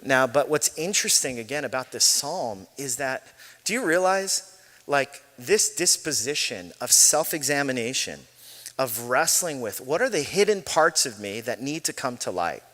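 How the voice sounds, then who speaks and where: A man's voice: medium pitch, sing-song, normal speed, fairly bright tone. A man in his forties preaching a sermon as pastor, chatty and self-deprecating, telling stories with laughs. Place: church sanctuary. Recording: long hall reverb.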